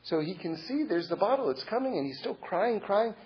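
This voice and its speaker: A middle-aged man sharing a personal story as a religious lesson, earnest and reflective, halting with many repeated words and restarts. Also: high-pitched, sing-song, breathy edge, dull audio.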